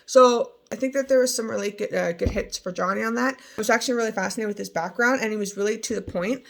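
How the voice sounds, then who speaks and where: A woman's voice: on the high side, fast, creaky. A woman chatting casually as she recaps a trial, rambling with many fillers and restarts. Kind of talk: casual chat.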